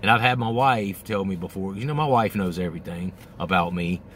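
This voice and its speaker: Middle-aged male host, lowish voice, candid and profane, casual monologue, light background hiss. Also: brisk, fairly bright tone. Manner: candid, profane, acts out his own inner voice.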